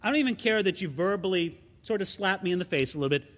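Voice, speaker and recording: A man's voice: high-pitched, animated, quick pace, a bit bright, long reverb tail. A man voicing a desperate mother who pleads boldly and defiantly during a sermon. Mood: pleading.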